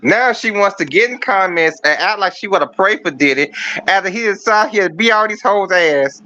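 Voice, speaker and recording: A man's voice: high voice, sharp tone. A man calling in with a profane, mocking comedic rant, telling stories about a scandal. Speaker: caller. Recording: dull lo-fi dry sound.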